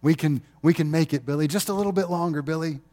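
A man's voice: a little high, quick pace, warm tone, voice pushed up, lightly acted. A man voicing a frazzled young father who mutters pep talks to himself, told inside a story in a sermon. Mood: pleading. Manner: muttering, pleading, self-encouraging.

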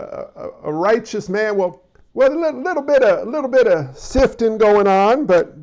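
A man's voice: high voice, vocal fry, darkish tone, muffled recording. A man preaching a conversational sermon, addressing the congregation directly, with frequent stammered restarts. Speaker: pastor.

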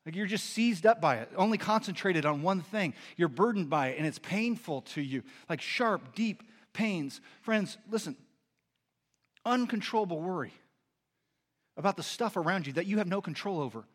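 A man, a pastor, delivering a sermon, moving between earnest teaching and animated storytelling. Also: high-pitched, moderate pace. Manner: animated storytelling with lively impressions.

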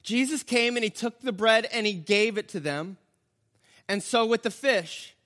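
High, bright-voiced man preaching. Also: measured pace. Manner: animated storytelling, acting out the characters; conversational, stops and restarts mid-sentence. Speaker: pastor. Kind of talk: sermon.

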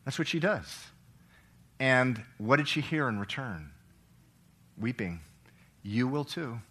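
A middle-aged man preaching a sermon, swinging between loud, emphatic lines and hushed, soft reading, and asking the congregation questions. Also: mid-range voice, big pitch swings, slow, husky. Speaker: pastor.

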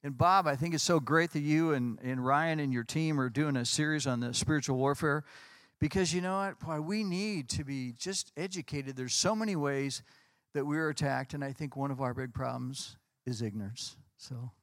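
A man, a pastor, telling lively anecdotes in conversation and acting out what people said. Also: fairly high pitch, moderate pace, no room sound. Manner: animated anecdotes, acts out quotes. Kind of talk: storytelling in a conversation.

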